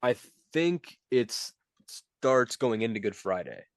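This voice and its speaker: A man's voice: mid-range voice, very animated, takes it slowly, no room sound, studio quality. A young man co-hosting a podcast, casually and playfully reading out trivia quiz questions and teasing his co-host.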